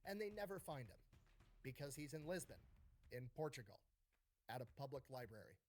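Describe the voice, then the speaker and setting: An animated storyteller recounts history in a loose, comedic way, cursing freely and slipping into quoted characters. The voice sits at an ordinary middle pitch, neither high nor low. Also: fairly quick. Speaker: storyteller in a reacted video.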